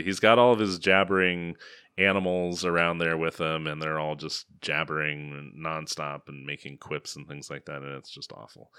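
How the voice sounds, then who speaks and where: A man co-hosting a casual film-review podcast, sarcastic and quick to laugh, his sentences trailing off quietly at times. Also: low-pitched, smooth, no room sound, studio quality. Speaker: podcast co-host.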